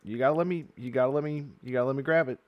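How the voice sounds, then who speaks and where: Talking very fast, a medium-pitched male host unboxes cards, chatting the whole way, reading the text out and erupting with excitement over good pulls. The recording is muffled but echo-free.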